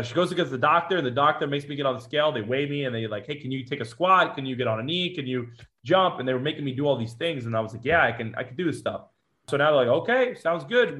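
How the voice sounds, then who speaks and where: A man in his thirties, a police officer, telling a personal story with lots of quoted dialogue. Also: mid-range voice. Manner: animated retelling with quoted dialogue.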